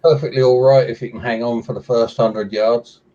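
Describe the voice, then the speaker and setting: A man's voice: mid-range voice, steady tone, moderate pace, mellow, far from the mic, highs cut off. A man in a casual chat, telling tall stories with dry humor. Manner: dry joke-telling storyteller.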